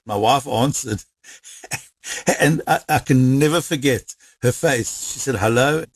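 A man with a South African accent tells a story in a lively way, acting out the lines of the people he quotes. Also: medium pitch, slow, husky, no echo. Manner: lively, acts out quoted dialogue. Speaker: interviewee. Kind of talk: animated storytelling.

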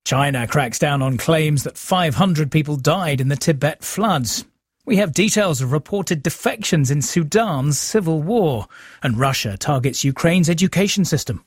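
Male news presenter, slightly high and husky, dry booth. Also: expressive, no echo. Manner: brisk, formal delivery. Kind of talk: scripted news headlines.

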